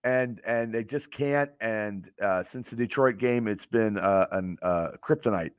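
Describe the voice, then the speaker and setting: A man's voice: fairly low pitch, a little slow, smooth, dry recording, studio quality. A man hosting a fan stream from home, ranting in frustration about a lost game, stammering and cursing as he reads viewers' comments. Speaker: fan show host. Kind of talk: late-night live stream rant.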